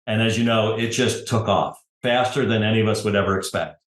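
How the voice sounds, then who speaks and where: A middle-aged man, a podcast guest, telling his story in relaxed conversation, often adding "you know" and "right?". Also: lowish voice, a little fast, roomy sound. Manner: conversational, tag questions, frequent "you know". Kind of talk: casual interview storytelling.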